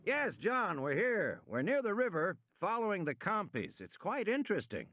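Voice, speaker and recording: A man doing a calm, matter-of-fact man. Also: high voice, normal speed, heavy background noise, voice pushed up. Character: calm, mildly curious middle-aged man on a radio.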